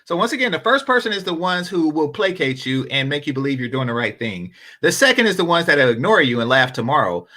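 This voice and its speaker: High bright voice, guy ranting and telling stories, cusses a lot, swings all over. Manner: animated, profane storyteller. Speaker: panel commentator. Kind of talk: casual commentary.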